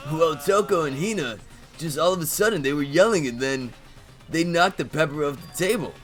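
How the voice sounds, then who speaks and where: A man's voice: a little high, expressive, brisk, soft background music, close to an everyday voice. A man doing a New Jersey accent to voice a laid-back, easily spooked young man in a game, drawling and rattled.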